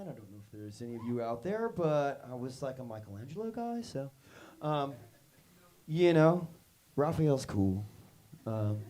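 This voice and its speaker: A man with a mellow, slightly high voice leads a workshop for young students. He tells rambling, casual stories packed with "like" and "you know," acting out the voices of the people he quotes.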